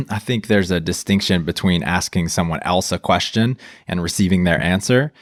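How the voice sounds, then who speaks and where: A man with a very low voice speaks slowly and deliberately as the host. The sound is dry and close, with no room echo. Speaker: podcast host. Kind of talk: casual interview chat.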